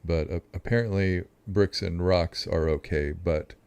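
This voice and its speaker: A man with a very deep voice comments on a clip in a dry, sarcastic way. He keeps his delivery flat and level, with barely any rise or fall. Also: a little slow, clean tone, dry recording. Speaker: commentary host. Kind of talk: reaction commentary.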